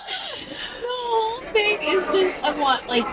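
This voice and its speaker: A woman guest in casual chat, telling a story with lively energy and frequent laughter. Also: very high-pitched, noisy background. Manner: animated storyteller, laughing often. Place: beauty lounge.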